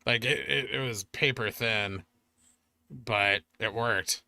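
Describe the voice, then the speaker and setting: The mid-range voice here is pushed and bright, and this middle-aged man takes his time as he hosts a finance stream. Reading viewer comments in a casual live-stream chat, he jokes about himself self-deprecatingly, and the recording has no room sound.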